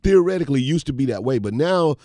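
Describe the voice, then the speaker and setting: A man's voice: medium pitch, lively intonation, fast, a little mellow, dry recording, studio quality. A man chatting casually as a guest in an interview, telling stories in a laid-back way and laughing often. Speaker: guest entertainer.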